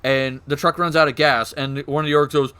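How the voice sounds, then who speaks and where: A man streaming, excitedly explaining game lore in casual chat, swearing and laughing. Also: fairly high pitch, fairly quick, clear, resonant tone.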